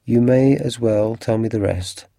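A man's voice: medium pitch, gravelly, dark tone, no room sound, clean studio sound. A man voicing a stern, cool detective. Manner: measured, stern delivery.

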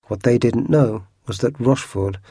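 Brief: male narrator, mellow dark tone, a bit breathy, expressive storybook reading. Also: mid-range voice, normal speed, dry recording, clean studio sound.

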